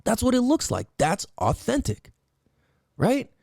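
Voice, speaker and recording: A solo podcast host with a very high, gravelly voice speaks unhurriedly in a dry, clean studio recording. He rambles through a profane, animated rant, firing off emphatic rhetorical questions.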